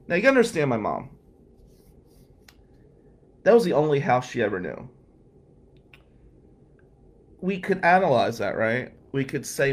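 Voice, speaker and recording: A man's voice: mid-range voice, lively intonation, unhurried, long pauses. A man telling a personal story in a candid, emotional way, with sighs along the way. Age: adult, past law school. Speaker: storyteller recounting his past.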